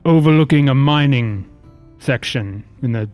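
A man playing a confused male dwarf, gruff, halting speech, faint background music. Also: medium pitch, a little mellow, close to an everyday voice. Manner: halting, disoriented.

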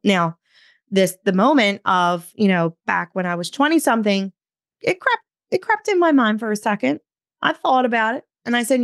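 A woman in her thirties, a podcast host, telling a story casually in an animated way, swearing and quoting her own thoughts. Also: medium pitch, fairly quick, dry recording, studio quality. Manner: animated, swears, talks to herself in quotes.

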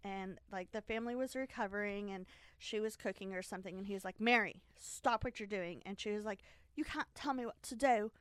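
A woman's voice: medium pitch, fairly quick, smooth, dry recording. A woman casually retelling a history story to a friend, chatty and giggly with frequent fillers and restarts. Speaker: podcast co-host telling a history story.

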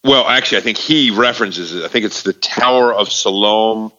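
A man talking casually about faith, halting, with many fillers and restarts. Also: fairly low pitch, pushed and bright. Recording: distant hall echo, muffled sound.

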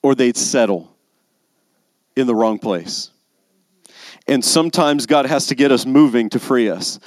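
A man's voice: mid-range voice, lively intonation, unhurried, dry recording. A man preaching a sermon as pastor, building to emphatic, intense passages. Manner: rising to emphatic intensity on key lines.

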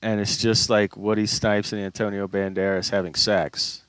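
A man's voice: on the low side, level tone, normal speed, a bit bright, a little hiss or hum. A young man co-hosting a casual comedy podcast, rambling through a story with plenty of fillers and casual swearing. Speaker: podcast co-host.

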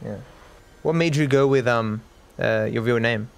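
A man's voice: medium pitch, moderate pace, creaky, clear, resonant tone. A man from Australia with a cultivated Australian accent, the podcast host, chatting casually and often restarting his sentences. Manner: rambling, with frequent restarts. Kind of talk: casual chat.

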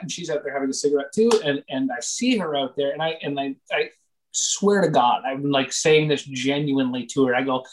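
A young man, a comedian from Canada, telling a story in casual podcast chat, animated and full of swearing and fillers. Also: on the high side, poor audio.

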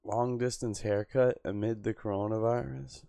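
A man's voice: fairly low pitch, a little slow, over loud music. A man riffing crudely and sarcastically on a livestream, reading chat and tossing in "bro" constantly. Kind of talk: profane casual livestream chat. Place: Boston area.

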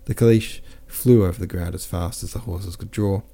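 A man narrates a classic novel in a low, mellow voice. He reads at a steady, unhurried pace and calmly corrects the odd slip. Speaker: audiobook narrator. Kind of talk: scripted narration.

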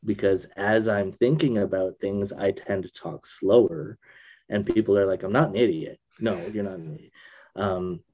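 A man in casual conversation, thinking aloud with restarts, usually subdued but getting emphatic when excited. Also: fairly low pitch, normal speed, lo-fi sound.

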